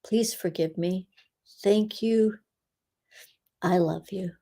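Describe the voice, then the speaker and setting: A woman hosting a live session as an energy healer, guiding a meditation in an unhurried way with frequent soft laughs and the odd whisper. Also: mid-range voice, gravelly. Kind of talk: guided energy-clearing meditation.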